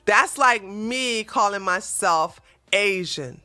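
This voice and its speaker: A woman hosting a livestream, chatting in a blunt, animated, casual way. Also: medium pitch, takes it slowly. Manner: blunt and animated, with frequent restarts. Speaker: livestream host. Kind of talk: casual opinionated chat.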